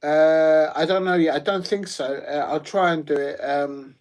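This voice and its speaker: A man's voice: on the high side, fairly even intonation, a little slow. Chatty man hosting a watch-along. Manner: chatty, rambling, many ums and uhs. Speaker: live stream host. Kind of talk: casual live football watch-along commentary.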